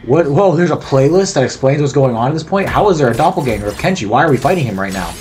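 A man's voice: medium pitch, expressive, fast, a little mellow. A man giving casual, profane, joking commentary while playing a fighting game. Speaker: gameplay commentator.

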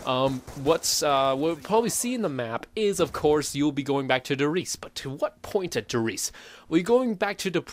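A man's voice: on the high side, sing-song, normal speed, slight background noise. Hyper, rambling male gaming commentator. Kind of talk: unscripted game theory commentary.

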